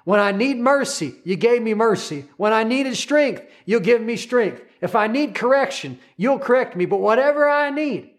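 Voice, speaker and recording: A man's voice: very high-pitched, animated, normal speed, few pauses. A man preaching a sermon, emphatic and repetitive, quoting scripture and calling listeners to repeat after him.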